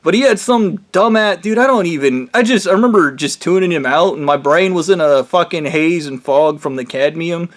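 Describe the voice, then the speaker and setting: A man's voice: fairly high pitch, moderate pace, few pauses. A man on a heated, rambling rant who swears constantly and trails off mid-thought. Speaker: vlogger. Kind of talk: profane angry rant.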